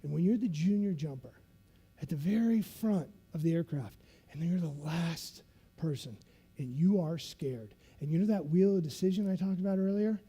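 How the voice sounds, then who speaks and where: Animated male keynote speaker, lively pitch. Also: normal speed, husky. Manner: animated, acts out scenes with sound effects. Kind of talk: motivational keynote storytelling. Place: conference stage.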